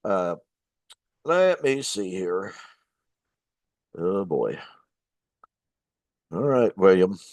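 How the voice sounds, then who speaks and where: A man's voice: low-pitched, big pitch swings, drawn-out words, long pauses, a little mellow, dry recording. An older man, a minister hosting his show, telling a casual story to viewers with many fillers and restarts. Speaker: host, minister.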